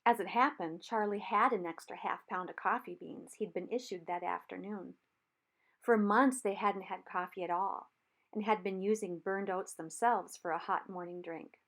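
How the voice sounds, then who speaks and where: A woman narrates a novel chapter aloud in an audiobook reading. Her delivery is steady and measured, and her voice sits at an ordinary middle pitch.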